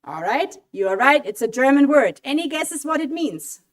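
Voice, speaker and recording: A woman running an interactive quiz for a college audience in a hall, lively and coaxing as she asks for votes. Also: sits high, moderate pace. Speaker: German language speaker at a college event. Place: auditorium mini hall. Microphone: handheld mic.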